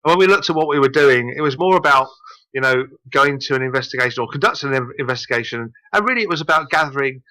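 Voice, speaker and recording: A man's voice: mid-range voice, fast talker, pushed and bright, no room sound, poor audio. A man with a southern English accent, a radio guest talking about his paranormal group in a chatty, rambling way. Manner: chatty, self-deprecating, rambling. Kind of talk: casual radio interview.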